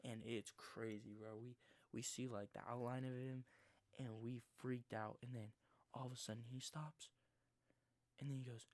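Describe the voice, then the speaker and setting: A man in his twenties telling a rambling, slangy story in his own words, sometimes dropping into a hushed near-whisper. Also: medium pitch, steady tone, moderate pace, no room sound. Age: 20s. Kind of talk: casual first-person storytelling.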